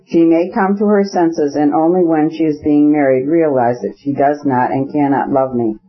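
A man's voice: fairly high pitch, fairly even intonation, moderate pace, natural voice. A man voicing an anxious, jealous young man in a storybook reading, gloomy and imploring. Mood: doubting. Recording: slightly muffled audio.

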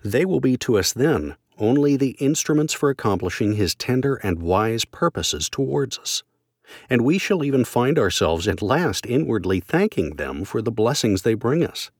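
A man reading a devotional text aloud in a measured, solemn, formal manner. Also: mid-range voice, very animated, breathy edge, no echo. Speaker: reader of a devotional book. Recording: dry close recording.

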